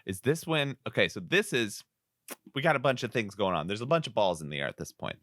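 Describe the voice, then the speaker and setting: Man, podcast co-host, casual movie recap, bright lively voice. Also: fairly low pitch, fairly quick, no echo, studio quality. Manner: animated storyteller, jumps into silly voices.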